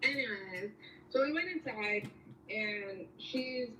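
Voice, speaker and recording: A woman's voice: mid-range voice, animated, takes it slowly, sharp tone, roomy sound, recorded from a distance, a little hiss or hum, rough recording. A young woman telling a story in casual chat, rambling and slangy with lots of fillers.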